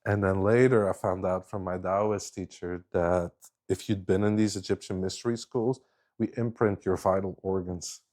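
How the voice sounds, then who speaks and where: A man's voice: deep voice, fairly even intonation, moderate pace, darkish tone. A middle-aged man telling a story in a casual, rambling way, often restarting his sentences. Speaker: guest speaker.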